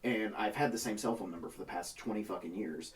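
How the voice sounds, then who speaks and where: A man's voice: fairly low pitch, quick pace, far from the mic. A man telling a long profane story in casual chat, acting out the people in it. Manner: profane, animated storytelling with quoted voices. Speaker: podcast guest telling a story. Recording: voice set back from the mic.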